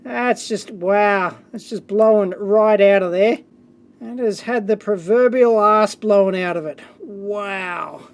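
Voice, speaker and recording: A man with an Australian accent hosting an electronics video, opening his mail in an excitable, chatty way with quick exclamations. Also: high voice. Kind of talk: casual hands-on mailbag unboxing.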